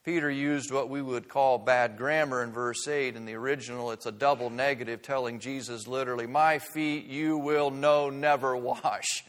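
A man's voice: mid-range voice, a bit bright. Earnest man preaching in an echoing hall. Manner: earnest, emphatic, slows down to stress key words. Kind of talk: sermon.

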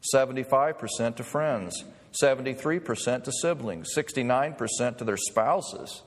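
A man's voice: medium pitch, normal speed. A man preaching a sermon in a conversational way, mixing humor with scripture. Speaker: pastor. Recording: long reverb of a hall.

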